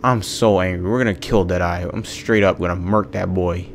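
A man's voice: sits low, fairly even intonation, normal speed, a little hiss or hum. A young man hosting a let's play, exasperated and ranting at the game, swearing often. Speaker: gaming video host.

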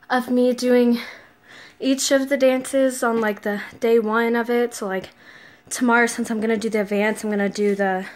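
A young woman vlogging casually after a workout, out of breath and sighing between phrases. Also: a little high. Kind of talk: casual vlog chat.

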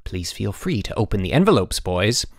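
A man's voice: on the low side, very animated, husky, no room sound, studio quality, full character voice. A man voicing a dignified, formal middle-aged headmaster in an audiobook. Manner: formal, measured, pleased.

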